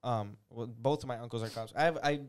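A young man in his twenties talks on a podcast in a smooth, clear voice of middle pitch. He rambles through stories, restarts often, and quotes both sides of each exchange. The room is dry and close. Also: fairly quick, no room sound. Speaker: podcast guest, aspiring police officer. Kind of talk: casual podcast chat.

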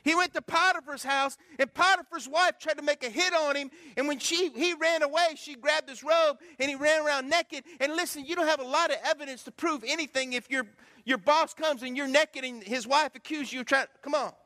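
High, bright-voiced preacher man in a hall. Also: fairly quick. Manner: animated storytelling preacher, swings from loud to hushed. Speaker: pastor. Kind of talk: sermon. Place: church sanctuary. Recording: long hall reverb.

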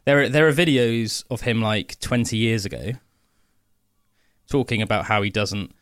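A man's voice: lowish voice, moderate pace, fairly bright tone, no room sound, clean studio sound. A man hosting a podcast in casual chat, loose and profane, with lots of filler words. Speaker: podcast host.

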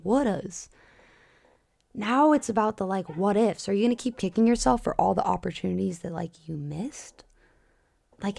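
A woman's voice: mid-range voice, gravelly, a little mellow, dry recording, clean studio sound. A young woman hosting a solo podcast as a spiritual coach, talking in a casual, passionate way with lots of filler words and cussing.

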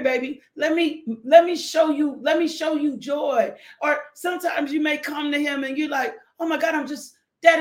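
A woman's voice: sits high, a bit bright, echoey room. A woman hosting a devotional podcast, preaching with exuberant energy, laughing often and calling out to listeners. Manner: exuberant, laughing, call-and-response.

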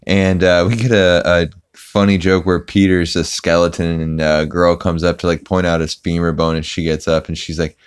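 A man's voice: sits low, little pitch movement, moderate pace, hardly any pauses, clean tone. A man hosting a podcast, recapping an episode casually in a rambling way with many fillers. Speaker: podcast host.

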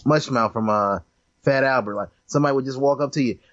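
A man's voice: medium pitch, quick pace, fairly bright tone, dry recording. Laughing man on a dull, lo-fi line. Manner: laughing, mocking storyteller. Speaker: podcast co-host. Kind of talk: casual movie-review chat.

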